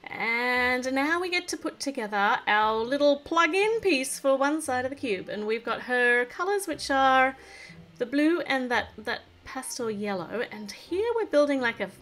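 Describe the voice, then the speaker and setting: A woman from Australia hosting a toy unboxing, chatting in a bubbly, giggly way and gushing with excitement over each piece. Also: high voice, measured pace. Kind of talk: casual unboxing chat.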